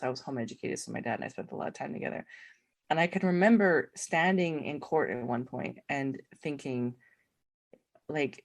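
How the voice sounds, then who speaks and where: A woman's voice: deep voice, moderate pace. A middle-aged woman, a podcast guest, telling her story in casual conversation, acting out quoted dialogue and laughing often.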